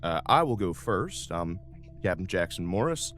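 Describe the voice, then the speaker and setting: Genial, folksy captain in his seventies, as a man voices him; low, rambling. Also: very animated, normal speed, a bit bright, faint music behind. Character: old male starship captain, genial and rambling.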